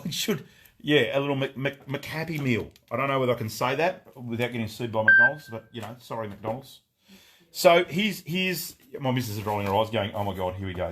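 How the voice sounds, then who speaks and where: A man hosting a live product showcase from a gun shop, excitable and rambling, swearing freely as he talks. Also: mid-range voice, slight background noise. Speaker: gun shop owner and livestream host.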